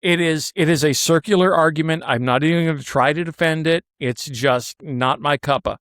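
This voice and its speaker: A man's voice: a little high, moderate pace, fairly bright tone, no room sound. A man in casual chat, blunt and opinionated, swearing freely as he makes his case.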